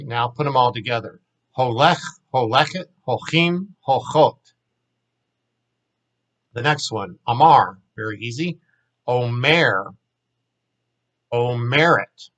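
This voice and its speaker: A man's voice: medium pitch, slow, pauses often, a bit bright, highs cut off. A man teaching a language lesson, patiently walking learners through verb forms and repeating each word for them. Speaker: Hebrew teacher.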